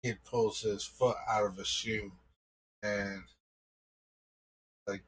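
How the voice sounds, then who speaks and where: A man's voice: on the low side, fairly even intonation, slow, slight background noise, poor audio. A man improvising a story, telling it casually and loosely, with many "like" fillers.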